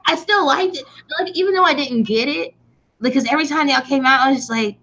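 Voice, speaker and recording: A young woman hosting an aftershow in casual chat, slangy and expressive. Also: high-pitched, fast. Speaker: aftershow host.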